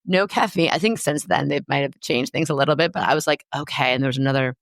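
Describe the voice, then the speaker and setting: A woman hosting a podcast, telling stories in a lively, self-deprecating, goofy way. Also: sits low, fast, dry recording, studio quality. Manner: animated, self-deprecating storyteller. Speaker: podcast host. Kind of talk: casual chat.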